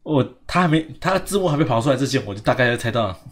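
A man's voice: medium pitch, animated, racing. A man with a Taiwanese Mandarin accent giving casual, joking commentary on a game he is playing. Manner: joking, mocking, laughing asides. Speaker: game streamer. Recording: faint background noise.

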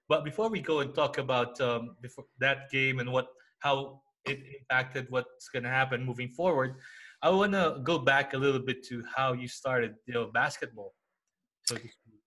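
A man's voice: medium pitch, steady tone, normal speed, pushed and bright. A man hosting a basketball podcast, chatting casually and upbeat with plenty of fillers. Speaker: podcast host.

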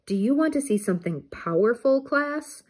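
A cheerful, adventurous teacher, as a woman reading aloud puts her on, bright and encouraging. Her voice has a slightly husky grain. It belongs to a children's storybook read-aloud. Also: fairly high pitch, lively intonation, moderate pace, pitched above the performer's own voice.

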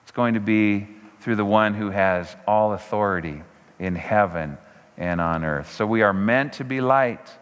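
A man preaching a sermon as pastor, emphatic, slowing down on key phrases and swinging his pitch up and down. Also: a bit bright. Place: church sanctuary. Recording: church hall reverb.

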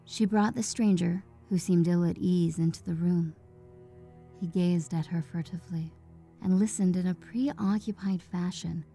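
A woman narrating a dark classic short story in a steady, measured storytelling voice. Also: on the low side.

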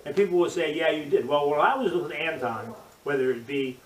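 An older man, a judo instructor, telling animated stories in an interview and acting out the voices of the people in them. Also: fairly high pitch, brisk. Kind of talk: storytelling interview. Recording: roomy, distant mic, crowd murmur.

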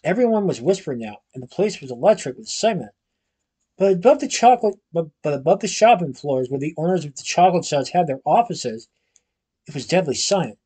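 A man reads a storybook aloud in a steady, even manner, now and then going back over a word. His voice sits a little high for a man and has a husky grain. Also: fairly quick. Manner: steady reading with occasional restarts. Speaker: storybook reader.

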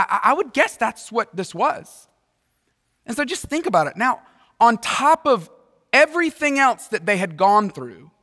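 A man preaching a sermon as pastor, animated and playful, acting out the people in the story. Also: high voice, big-room sound. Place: large church auditorium.

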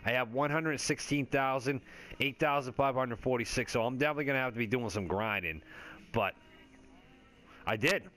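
A gaming video creator gives casual, rambling commentary over his gameplay, joking and swearing freely in laid-back stoner chatter full of fillers. His voice is mid-range and a bit bright at a moderate pace.

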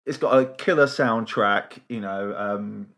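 A man's voice: fairly low pitch, a little slow, fairly bright tone. A man co-hosting a casual podcast, enthusiastic and rambling, often repeating words. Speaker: podcast co-host.

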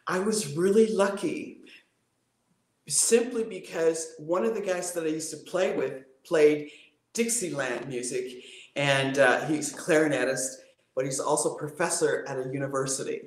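A woman voice coach, guest on a live-streamed interview, talking in an animated, playful way and showing things off with her voice. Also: low voice, normal speed, roomy sound.

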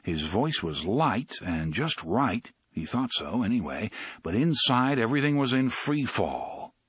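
A man reading a novel aloud as an audiobook narrator, in an expressive, dramatic way. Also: medium pitch, a little slow, slightly rough, no echo.

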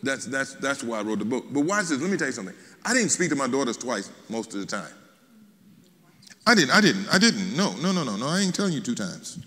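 Animated preacher man in an echoey hall. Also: mid-range voice, quick pace. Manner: animated storytelling, frequent restarts, folksy asides. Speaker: bishop and guest preacher. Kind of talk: sermon.

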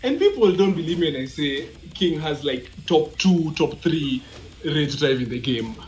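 A man giving casual commentary on a fighting game match, excitable and disbelieving. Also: a little high, moderate pace, faint music behind. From Africa. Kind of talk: esports commentary.

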